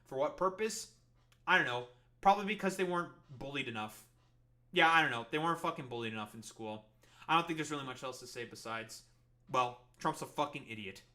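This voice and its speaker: Late at night, a tired young Canadian man rants on a livestream, sarcastic, profane and rambling. His medium-pitched voice is animated, brisk, bright and forceful.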